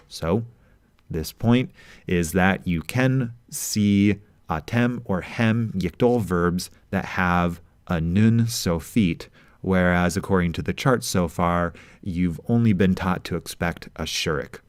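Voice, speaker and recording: A man explains grammar in a measured, deliberate way, pausing over each example he reads. His voice sits very low and his pace is unhurried. The recording is dry, with no room sound. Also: clean tone, dry recording. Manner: measured, explanatory, reads out Hebrew verses slowly. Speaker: teacher. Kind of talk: grammar lesson narration.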